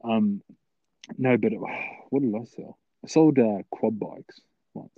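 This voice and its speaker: A man's voice: lowish voice, slow. An Australian man joking around as podcast co-host in casual banter. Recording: dull lo-fi sound with faint noise.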